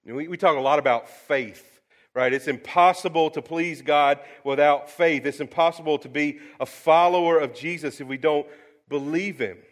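A middle-aged man preaching a sermon, folksy and storytelling, swinging between lively asides and quiet, earnest drops. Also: fairly high pitch, moderate pace. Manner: folksy, storytelling, animated with sudden soft drops. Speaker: pastor.

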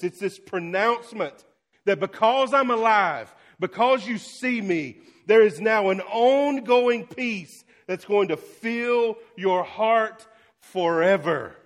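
A male pastor preaching a sermon, swinging between loud exclamations and hushed, quiet lines. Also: high-pitched.

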